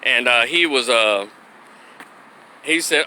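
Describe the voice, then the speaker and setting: Unhurried and pausing often, a middle-aged Memphis man airs strong opinions in a blunt vlog monologue. His mid-range voice has a sharp tone, and he occasionally performs the voices of people he quotes.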